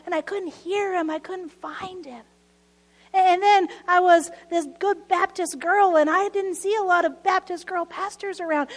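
High-voiced woman pastor preaching. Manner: expressive, swings from loud emphasis to hushed whispers. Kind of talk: sermon.

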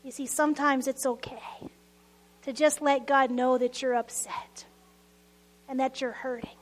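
A woman pastor preaching a sermon, reading scripture with loud emphasis and dropping to hushed, whispered asides. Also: high-pitched, steady tone, unhurried.

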